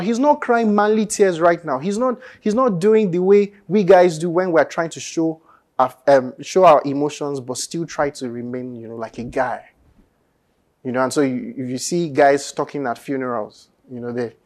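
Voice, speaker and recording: A man's voice: medium pitch, a little mellow. Earnest Nigerian man preaching a sermon. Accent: Nigerian English. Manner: earnest, conversational, builds to emphatic rises.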